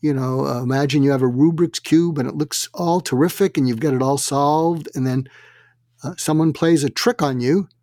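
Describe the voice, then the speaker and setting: A man telling anecdotes as an interview guest, animated and acting out quotes, with frequent fillers. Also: a little high, moderate pace, no room sound, studio quality. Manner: animated, acts out quotes in other voices. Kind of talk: anecdotal storytelling.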